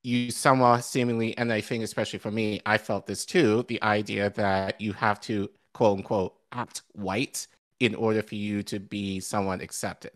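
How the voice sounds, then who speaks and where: A man co-hosting a casual political commentary podcast, speaking in a measured way and thinking aloud with restarts. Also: lowish voice, level tone, a bit bright. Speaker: podcast co-host.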